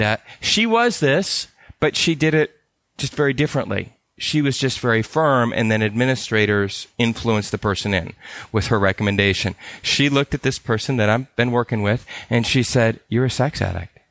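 Man, teaching talk, earnest, conversational, mid pitch, dry sound. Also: lively intonation, normal speed, a bit bright, no echo. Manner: earnest and conversational, with frequent restarts and repeated phrases. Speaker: ministry care trainer.

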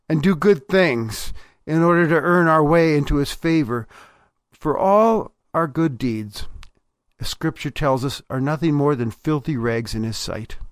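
A man preaching a devotional sermon in a slow, deliberate way, dropping at times to a low hush for weight. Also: dry recording, clean studio sound.

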